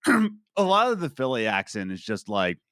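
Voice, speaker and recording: A man's voice: mid-range voice, wildly swooping pitch, unhurried, fairly bright tone, clear, resonant tone, no echo, clean studio sound. An American man with a faint Philadelphia accent, co-hosting a podcast in a playful way and laughing often. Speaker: podcast co-host. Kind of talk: casual podcast chat.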